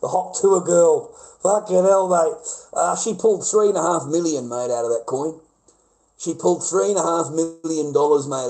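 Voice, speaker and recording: A high-voiced Australian man rambles through a casual livestream, swearing constantly and bantering loudly with callers. His talk is rowdy and unfiltered. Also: poor audio.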